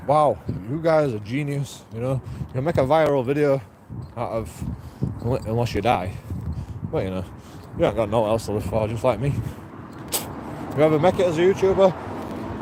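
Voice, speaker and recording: Rambling, profane man on a street. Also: medium pitch. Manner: profane, rambling, laughs to himself. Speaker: street video blogger. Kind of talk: rambling outdoor monologue. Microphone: handheld camera. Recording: street ambience and traffic noise.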